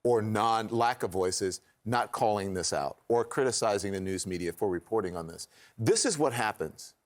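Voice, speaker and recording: A man's voice: lowish voice, normal speed. A man anchoring a televised news discussion, earnest and emphatic.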